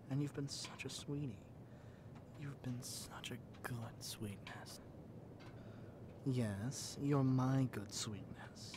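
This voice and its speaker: A sweet, possessive yandere captor, played by a man, coos and whispers in this whispered role-play. He speaks slowly, lingering over every soft word, in a voice of ordinary male pitch. A clear layer of noise and room ambience sits behind him. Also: close to an everyday voice. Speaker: ASMR roleplay performer.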